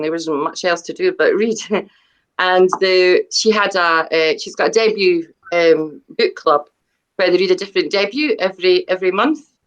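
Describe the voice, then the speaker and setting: A middle-aged woman, newly published as an author, chats casually as an interview guest in a lowish voice. Her talk is rambling and self-deprecating, packed with fillers and false starts, and the sound is lo-fi.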